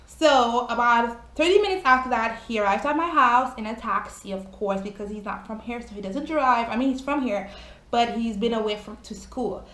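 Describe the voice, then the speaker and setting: A young woman tells a storytime in an animated, exclamatory way, chatty and cursing now and then. Her voice sits a little high. The room around her is echoey. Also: normal speed. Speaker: vlogger. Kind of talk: casual storytime.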